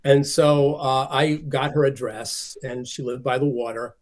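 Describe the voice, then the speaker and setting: A man's voice: medium pitch, steady tone, unhurried. A man, a film collector being interviewed, telling stories and acting out the voices of the people he quotes. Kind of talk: conversational storytelling.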